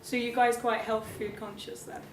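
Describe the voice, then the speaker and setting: Woman interviewer, joking and teasing, slightly high voice, off-mic in a noisy echoey room. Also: little pitch movement, normal speed. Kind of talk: casual interview chat. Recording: roomy, distant, noisy.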